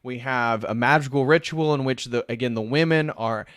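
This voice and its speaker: A man's voice: mid-range voice, moderate pace, fairly bright tone, dry recording, studio quality. A man hosting a livestream who guides the discussion and reads a plot summary aloud. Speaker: livestream host.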